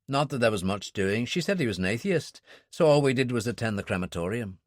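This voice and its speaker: A man reading an audiobook, voicing a calm, watchful Irish man, a seasoned operative with a dry manner. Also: mid-range voice, brisk, no echo, close to an everyday voice.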